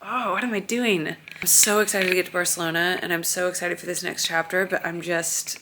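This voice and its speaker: A woman's voice: on the low side, steady tone, a little fast, pushed and bright, slight background noise. A woman in her thirties, a vlogger and mother, talking in a tired, emotional, rambling way at home in her apartment during a move. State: weary and overwhelmed. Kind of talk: confessional vlog chat.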